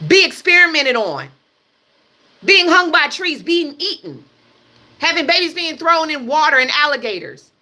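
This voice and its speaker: A young woman from the United States streaming live and ranting, her voice high and sharply bright. She is blunt and emphatic, swears freely and drives each point home by repeating it. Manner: blunt, emphatic and profane, hammering points with repetition. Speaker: livestream host. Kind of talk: heated livestream rant.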